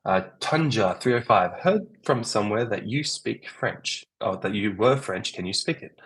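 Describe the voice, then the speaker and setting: Man, deep voice, breathy and husky, livestream Q&A, doctor, conversational, thinks aloud. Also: expressive, moderate pace, a bit bright, rough recording. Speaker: doctor answering viewer questions. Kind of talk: livestream Q&A with chat.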